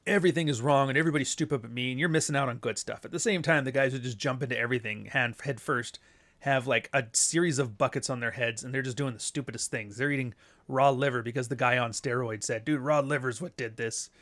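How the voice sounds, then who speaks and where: A man's voice: fast, fairly bright tone. A middle-aged man with a Canadian accent and a nasal voice, talking bluntly and crudely in a casual podcast monologue. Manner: blunt, crude and sardonic, with sudden high-pitched outbursts. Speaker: podcast host.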